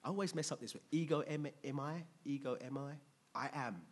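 A man preaching a sermon in a conversational, lively way, asking the congregation questions. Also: mid-range voice, brisk, slightly rough.

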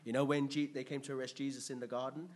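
This preacher talks fast with a medium pitch, delivering his sermon in a lively, chatty manner and throwing questions out to the congregation.

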